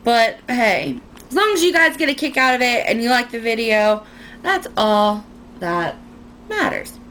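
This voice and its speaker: A woman's voice: fairly high pitch, big pitch swings, measured pace, fairly bright tone, slight background noise. A young woman chatting casually through a makeup tutorial at home, rambling and self-mocking. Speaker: beauty vlogger.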